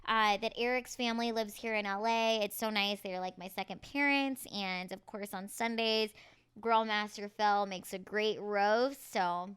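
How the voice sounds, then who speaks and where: A woman's voice: mid-range voice, fairly even intonation, unhurried, fairly bright tone, clear, resonant tone. A woman co-hosting a casual comedy chat show, bubbly and giggly. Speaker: co-host. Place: Los Angeles home.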